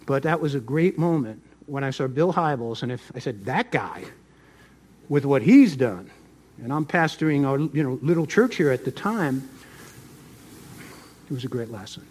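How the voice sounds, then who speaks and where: A middle-aged pastor preaching a sermon, swinging between loud emphasis and soft asides. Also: male voice, medium pitch, animated, normal speed.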